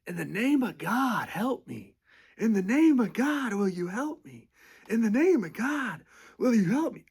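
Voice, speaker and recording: A man's voice: medium pitch, steady tone, measured pace, creaky, bright, forceful tone, husky, exaggerated voice. A man putting on the voice of a frantic old homeless man who begs and screams. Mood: pleading. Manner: screaming, pleading.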